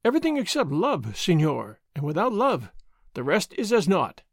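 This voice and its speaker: A man voicing a devoted young noblewoman who speaks softly and earnestly. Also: sits high, huge pitch swings, normal speed, dry recording, clean studio sound, full character voice. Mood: tender. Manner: soft, earnest pleading.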